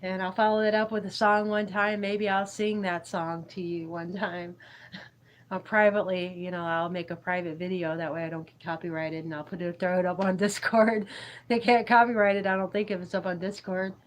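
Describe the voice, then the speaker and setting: Her fairly low voice shows little pitch movement and keeps a normal speed. She hosts a spiritual YouTube livestream, meandering and giggling as she reads chat aloud and answers viewers, all on a rough recording.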